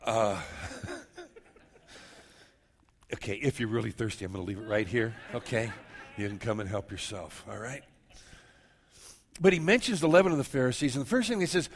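A man preaches a sermon through a head cold, stopping now and then for a cough. His delivery is animated, and he slips into the voices of the people he quotes. His pitch sits in the middle for a man. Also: normal speed, long pauses. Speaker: pastor.

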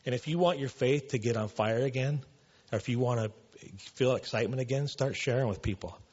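A man's voice: mid-range voice, a little fast, a little mellow, breathy edge, highs cut off. A man preaching a casual sermon in a church, loose and conversational, full of "you know" and "man". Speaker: pastor.

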